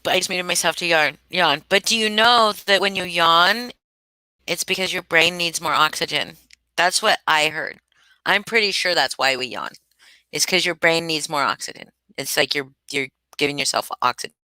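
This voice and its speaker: A woman livestreaming from home talks with her viewers by name, rambling and chatty while sleepy and yawning. Her voice is a little low yet bright and forward, her speed normal, and the poor audio sounds dry and close.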